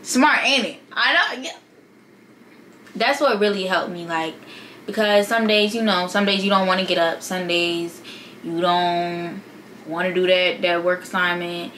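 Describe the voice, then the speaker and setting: A woman's voice: on the low side, fairly even intonation, a little slow, a bit bright, a little hiss or hum, low-quality recording. A young woman vlogger giving casual, sassy advice straight to her viewers in slangy talk.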